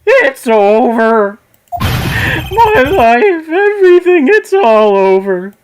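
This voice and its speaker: A man's voice: very high voice, sing-song, very slow, slight background noise, voice pushed up, exaggerated voice. A man voicing a melodramatic, panicking young male defendant who wails in despair. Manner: wailing, over-the-top despair.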